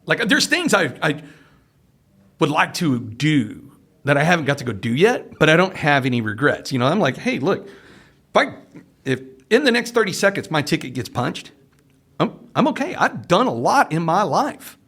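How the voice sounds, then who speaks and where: A middle-aged male podcast host tells stories in a relaxed, chatty way. His voice sits a little high for a man and swings widely in pitch. He keeps checking in with the listener with a quick "right?". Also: breathy edge. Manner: storytelling, tags lines with "right?". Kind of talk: casual interview chat.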